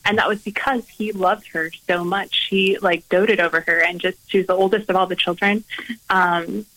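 Earnest Carmelite nun, bright low voice. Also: female voice, fairly even intonation, normal speed, poor audio. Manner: gentle and earnest, with frequent hesitations. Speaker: Carmelite nun, interview guest. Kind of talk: reflective storytelling in conversation.

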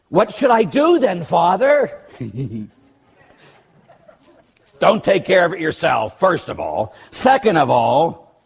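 An older man, a Catholic priest, preaching bluntly and telling stories with dry humor, loud one moment and soft the next. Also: mid-range voice, breathy edge. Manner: blunt, joking storyteller who swings between loud and soft. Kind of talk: sermon with personal stories.

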